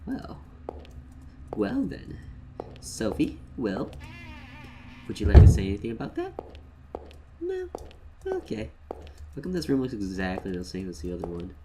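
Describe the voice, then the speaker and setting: A man giving casual, joking game commentary, swinging between mumbles and loud outbursts. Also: on the low side, huge pitch swings, measured pace, pauses often, loud music behind the voice. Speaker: let's play gamer.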